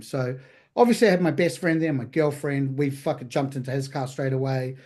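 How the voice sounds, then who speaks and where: A man's voice: mid-range voice, brisk, darkish tone. New Zealand man telling candid stories. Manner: candid, profane, vivid anecdotal storytelling. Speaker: podcast guest, chef. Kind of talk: casual storytelling interview.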